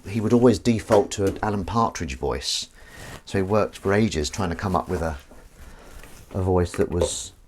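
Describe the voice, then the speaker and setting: A man's voice: lowish voice, darkish tone, a little hiss or hum. A man hosting a casual livestream from his home kitchen, chatting and reading out comments while washing up. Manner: rambling, self-deprecating, reads out chat comments. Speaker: livestream host. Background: clinking dishes and cutlery.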